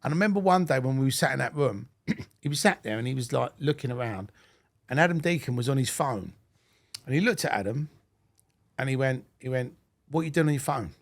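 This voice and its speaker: Gravelly-voiced podcast host. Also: male voice, medium pitch, brisk. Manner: relaxed, conversational, uses informal grammar. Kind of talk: casual interview chat.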